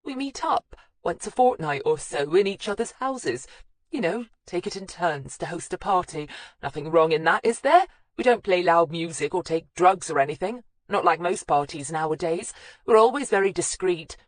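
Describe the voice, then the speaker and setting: A woman reading an audiobook, voicing a nervous middle-aged wife who squeaks and wails as she pleads. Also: animated, normal speed, no echo, close to an everyday voice. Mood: helpless. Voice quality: squeaky, wailing.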